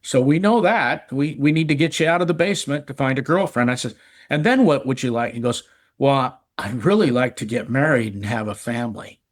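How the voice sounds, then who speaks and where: A man's voice: mid-range voice, fairly quick. A middle-aged man telling a personal recovery story in casual chat, earnest, often repeating words and restarting. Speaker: recovery podcast guest.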